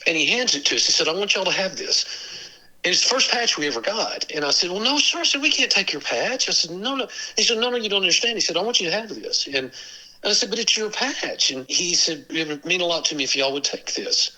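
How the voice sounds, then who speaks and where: A man tells stories as a podcast guest. His voice is piercingly bright and forward. He acts out the quoted lines, jumping up in pitch for each character. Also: fast talker, rough recording. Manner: animated, acts out quoted dialogue with big pitch jumps. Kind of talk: storytelling in an interview.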